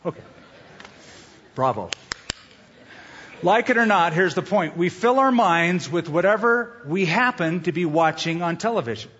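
A man's voice: high-pitched, lively intonation, moderate pace, long pauses, a bit bright, husky. A male pastor giving a conversational sermon with humor, repeating his tips for emphasis. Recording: dull echoey hall sound.

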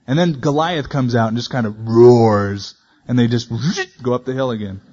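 A man's voice: mid-range voice, moderate pace, a little mellow, slightly rough. A man teaching verse by verse from the Bible, reading scripture aloud and then adding casual, conversational comments. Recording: dull lo-fi recording.

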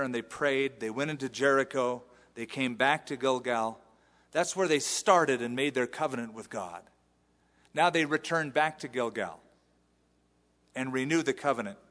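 A male pastor giving an animated sermon, acting out the quotes he reads. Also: mid-range voice, in a large hall. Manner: animated preaching with acted-out quotes. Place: church sanctuary.

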